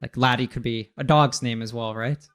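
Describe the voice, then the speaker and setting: A man's voice: mid-range voice, steady tone, moderate pace, a bit bright. A man teaching English, explaining pronunciation in a casual chat and laughing easily. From United States.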